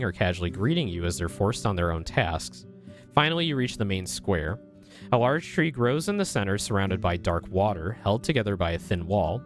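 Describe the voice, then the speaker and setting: Lively young man reading a game aloud. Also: lowish voice. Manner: playful, chatty, lively reading voice. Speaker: streamer. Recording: faint guitar music behind.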